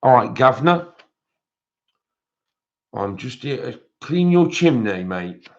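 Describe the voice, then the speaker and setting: A man's voice: medium pitch, sing-song, slow pace. A man voicing a cheeky chimney sweep in a put-on Cockney accent, with breezy, matey patter. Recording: dull lo-fi stream audio.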